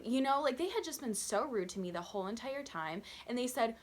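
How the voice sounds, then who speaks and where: A woman in her twenties telling a storytime vlog, chatty and animated, acting out customers and her own waitress voice. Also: on the high side, quick pace, hardly any pauses. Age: 20s. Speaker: vlogger.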